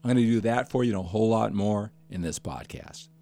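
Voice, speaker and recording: A man's voice: fairly low pitch, a little fast, vocal fry, heavy background noise. An older man hosting a fitness podcast, talking passionately and emphatically and stacking up repeated phrases. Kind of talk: podcast monologue.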